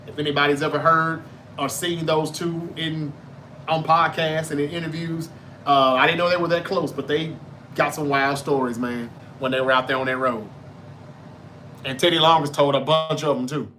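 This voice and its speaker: A podcast host from North Mississippi, with a Southern Mississippi drawl, chats loosely through a live sports stream from his Memphis, Tennessee home, reading viewer comments aloud and answering each. His slightly high voice sounds bright and forceful, with fairly even intonation at normal speed. A faint hum of room ambience sits underneath.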